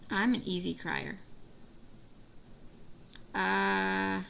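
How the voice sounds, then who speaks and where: Slow, gravelly-voiced woman chatting. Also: a bit bright, a little hiss or hum. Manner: chatty, rambling, laughs often; acts out family quotes in a high voice. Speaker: diamond painting vlogger. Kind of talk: casual chat while crafting.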